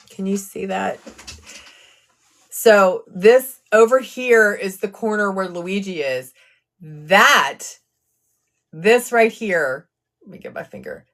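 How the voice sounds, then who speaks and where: A woman's voice: mid-range voice, fairly bright tone. A woman hosting a live true crime stream, chatting casually about a court case and answering viewer comments with sarcastic asides.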